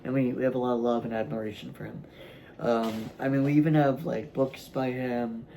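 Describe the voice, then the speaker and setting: A man hosting his own vlog, talking casually to camera from a room at home, halting and rambling with many fillers and restarts, yawning at times. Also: medium pitch, fairly even intonation, vocal fry, warm tone, a little hiss or hum, poor audio. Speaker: vlog host.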